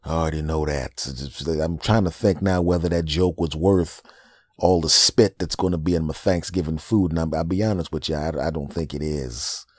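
A man's voice: a bass voice, steady tone, moderate pace, slightly rough, dry recording, clean studio sound. A man hosting a podcast, doing a rambling, self-deprecating comedic monologue.

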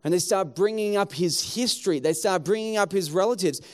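A man's voice: sits high, a little fast, darkish tone. A man, preaching a sermon as pastor and acting out the townspeople he quotes.

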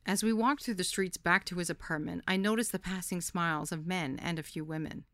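A woman's voice: on the low side, fairly even intonation, fairly quick, a bit bright, no echo, studio quality. A woman podcast host reading a candid first-person memoir story.

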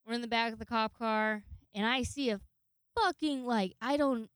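Smooth-voiced young woman telling a wild story. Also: on the high side, moderate pace, dry recording. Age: 20s. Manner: rambling, profane, laughs often. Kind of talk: casual storytelling.

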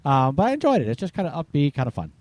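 A man co-hosting a casual podcast, upbeat and quick to chime in with agreement. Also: fairly high pitch, huge pitch swings, a little mellow, no echo. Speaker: podcast co-host. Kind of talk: casual chat.

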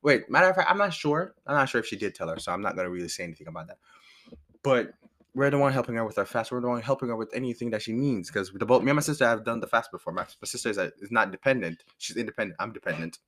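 A young man vents about a family argument in a loose, casual storytime. He swears freely and acts out the back-and-forth in quoted lines. His voice sits at an ordinary middle pitch. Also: expressive, very fast, a bit bright.

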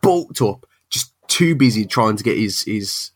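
Giggly animated man. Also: fairly low pitch, a little slow. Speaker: podcast co-host. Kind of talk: casual comic-book chat.

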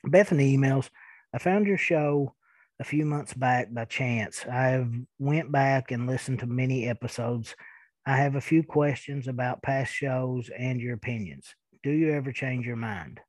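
A man in his thirties with a thick Eastern Kentucky accent hosts a podcast, answering listener emails in a casual, chuckling, rambling way, halting with fillers. His voice is medium-pitched and a little mellow, with no echo.

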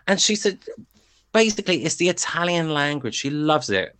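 A man's voice: a little high, expressive, moderate pace, fairly bright tone, clean tone, no room sound. A man chatting casually as a song review panelist, rambling and digressing with lots of fillers.

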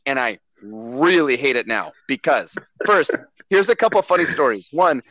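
A man co-hosting a podcast, ranting about a movie with swearing and loud indignant bursts, right up on the mic. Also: a little high, dry recording, poor audio. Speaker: podcast co-host. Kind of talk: casual podcast rant. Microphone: close mic, speaking too loud into it.

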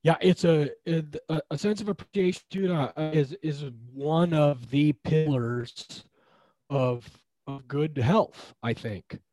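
Measured, reflective man in conversation. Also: fairly high pitch, mellow, no room sound, low-quality recording. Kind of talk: casual conversation.

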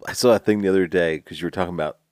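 Deep-voiced male co-host, dry close sound, quick laughing reactions. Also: darkish tone, clean tone, no room sound. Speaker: podcast co-host. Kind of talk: casual chat.

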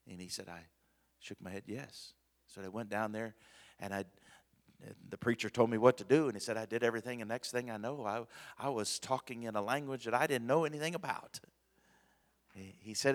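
A man preaching a sermon as pastor, swinging from hushed to loud and repeating phrases for emphasis. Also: mid-range voice, fairly quick. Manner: repeats words and restarts phrases. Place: church sanctuary. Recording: long reverb of a church hall.

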